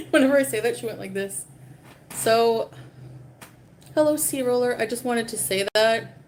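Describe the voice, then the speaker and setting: A woman's voice: fairly high pitch, unhurried, creaky, long pauses, a little mellow. A woman rants on a casual livestream. She sounds dismissive and profane and rambles from one point to the next. A faint hiss sits under her voice.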